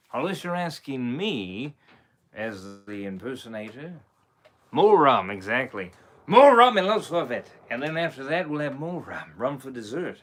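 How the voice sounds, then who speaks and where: Speaking in a mid-range, fairly bright voice, this male character impersonator plays a boastful pirate captain fond of rum. It's an in-character live stream chat full of playful fake pirate lingo.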